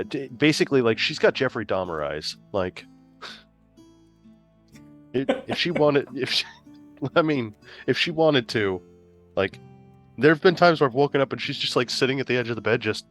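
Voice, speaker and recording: A man's voice: mid-range voice, lively intonation, moderate pace, pauses often, fairly bright tone, faint music behind. Rambling, profane man telling a story. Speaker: player. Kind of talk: casual chat.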